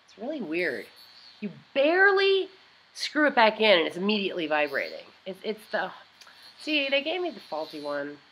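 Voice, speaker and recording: A woman's voice: medium pitch, fairly bright tone, slight background noise, poor audio. A woman vlogger chatting casually as she tries out beauty gadgets, rambling and often trailing off mid-thought.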